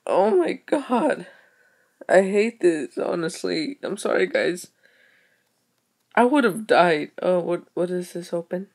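A young woman giving casual game commentary, excitable, exclaiming and muttering to herself as she plays. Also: on the low side. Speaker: gaming video creator.

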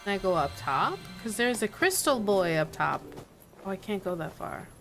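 A young woman playing a video game and chatting casually as she goes, excitable and giggly. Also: medium pitch, moderate pace, over music. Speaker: gaming streamer. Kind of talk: casual let's-play commentary.

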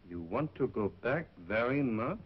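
An actor playing a smooth-talking middle-aged male shop owner with oily, ingratiating charm, in 1930s film acting on a dull 1930s film soundtrack. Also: medium pitch, animated, measured pace, slight background noise, natural voice. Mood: coaxing.

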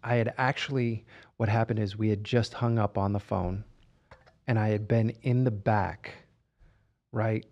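A middle-aged man co-hosting a podcast, recounting events in casual conversation with halting restarts. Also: lowish voice, steady tone, dull audio. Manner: halting, with repeated starts. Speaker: podcast co-host.

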